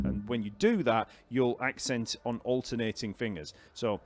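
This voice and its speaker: A man teaching a live online bass lesson, explaining technique in a relaxed way, counting beats aloud and answering questions from the chat. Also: moderate pace, music in the background.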